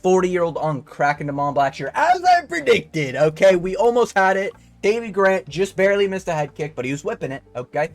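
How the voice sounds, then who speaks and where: A young man, his voice sitting a touch high, breaks down fights in a loose, rambling way. He swears freely, leans on slang and keeps tacking "okay?" onto his points. Faint music plays underneath. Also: fairly quick, hardly any pauses. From Canada. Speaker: MMA fight analyst. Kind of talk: casual fight breakdown commentary.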